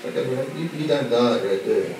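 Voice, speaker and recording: A man's voice: mid-range voice, expressive, fairly quick, creaky, a little mellow. A man from Australia doing a stand-up routine, brash and sweary, teasing the crowd. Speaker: stand-up comedian. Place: small comedy bar. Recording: echoey club from far off, crowd laughter.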